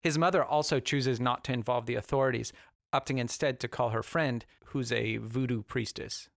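A man's voice: mid-range voice, fairly even intonation, normal speed, gravelly, slight background noise. A man narrating a comedic film review in a wry, sarcastic way.

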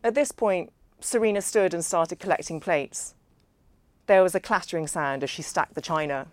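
A woman narrating a novel in the first person, measured and understated. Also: on the low side, dry recording. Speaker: audiobook narrator.

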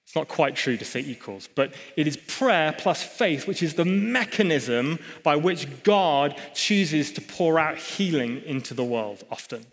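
A man's voice: fairly high pitch, animated, unhurried, hardly any pauses. A man preaching a sermon in a church hall, emphatic, with chatty asides to the congregation. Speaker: pastor.

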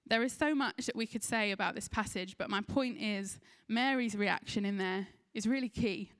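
A woman with an English accent preaches a sermon, retelling a scripture story earnestly and briefly acting out the people in it as she quotes them. Her voice is mid-range, at a moderate pace.

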